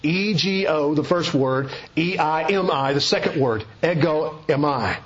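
A man preaching an expository sermon in a measured way, slowing down on key phrases for emphasis. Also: a little high, breathy edge, lo-fi sound.

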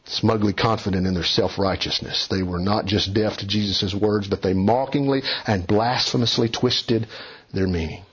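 A man preaches with an emphatic, urging delivery, his voice climbing and falling to press each point. His tone is a little husky, caught on a dull, lo-fi recording. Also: on the low side, steady tone, moderate pace, a bit bright. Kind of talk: expository sermon.

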